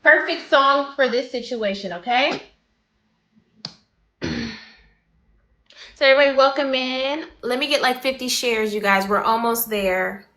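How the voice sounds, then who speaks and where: Fast-talking woman livestreamer spilling gossip. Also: high-pitched, reverberant. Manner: rapid, animated storytelling, greeting viewers mid-sentence. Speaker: livestream host. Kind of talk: chatty gossip recap to live viewers.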